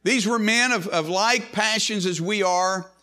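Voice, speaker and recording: Man, preacher, sermon, bright forceful tone, repeats himself, halting restarts. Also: high-pitched. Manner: emphatic, repeats words, frequent pauses and restarts.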